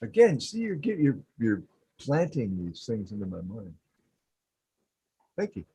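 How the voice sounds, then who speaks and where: On a podcast recorded from a home setup over a video call, a man chats casually and playfully, laughing often and doing silly phone voices. His mid-range voice is mellow and swoops wildly in pitch at a measured pace, with a little hiss or hum in the audio.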